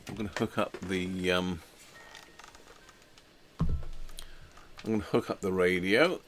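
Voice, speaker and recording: Low-voiced man tinkering and musing. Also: steady tone, slow pace, a bit bright, a little hiss or hum. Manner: thinks aloud, low-key, trailing off with fillers. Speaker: radio repair channel host. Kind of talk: casual chat while repairing, answering viewers.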